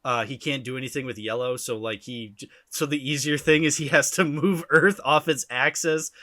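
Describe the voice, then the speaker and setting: A young man hosts a podcast in a loose, animated chat, his voice sitting at an ordinary middle pitch. The recording is close and dry, with almost no room sound around him. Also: no room sound. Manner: chatty, animated, quick to laugh. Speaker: podcast host. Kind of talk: casual chat.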